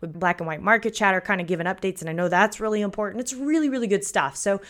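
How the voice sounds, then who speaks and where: A woman in her thirties hosts a podcast in a loose, conversational way. She chuckles as she tells stories, and her voice sits at a middling pitch. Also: fast, a bit bright. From United States. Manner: chatty, chuckling, folksy. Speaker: podcast host. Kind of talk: casual podcast talk, storytelling.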